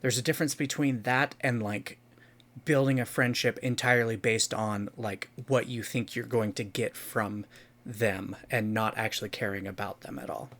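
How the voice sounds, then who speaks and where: A man's voice: on the low side, steady tone, moderate pace, a bit bright. A man co-hosting a casual podcast, earnest and chatty, who leans on "like" a lot and swears casually. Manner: earnest, filler-heavy with frequent "like", swears casually. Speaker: podcast co-host.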